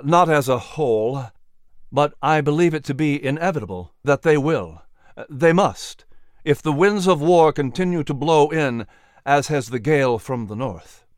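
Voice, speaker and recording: A man's voice: on the high side, lively intonation, measured pace, dry recording, studio quality. A man playing a grave colonial statesman who speaks with solemn, rhetorical weight. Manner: solemn, then impassioned rhetoric.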